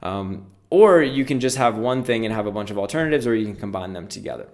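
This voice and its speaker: A man's voice: lowish voice, expressive, quick pace, darkish tone. Casual man explaining code step by step. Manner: casual, explanatory, walks through steps aloud. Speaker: programming instructor. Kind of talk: screen-recorded coding tutorial.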